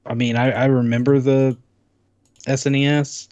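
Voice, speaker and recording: A man's voice: mid-range voice, level tone, moderate pace, a little mellow, dry recording, lo-fi sound. A man co-hosting a podcast in casual chat, rambling with many restarts. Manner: rambling, full of restarts while showing off a console. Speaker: podcast co-host.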